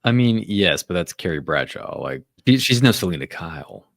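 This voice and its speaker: Very deep-voiced man, dry close sound. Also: very animated, normal speed, vocal fry, no echo. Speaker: podcast co-host. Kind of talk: casual comic book discussion.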